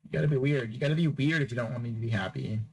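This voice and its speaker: A man's voice: mid-range voice, very fast, vocal fry, darkish tone, husky, poor audio. A man hosting a podcast, rambling through a casual solo sign-off, joking with and teasing his listeners and repeating phrases over and over. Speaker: podcast host.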